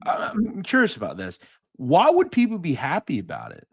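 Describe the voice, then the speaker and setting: A man hosting an interview, asking measured questions with short affirmations. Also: a little high, wildly swooping pitch, creaky, husky. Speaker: podcast host.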